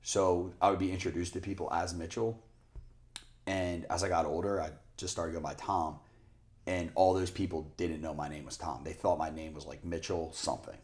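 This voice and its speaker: A man's voice: low-pitched, level tone, normal speed, darkish tone. Rambling, swearing young man. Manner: rambling storyteller, swears a lot, acts out quotes. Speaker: podcast co-host. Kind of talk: casual podcast chat.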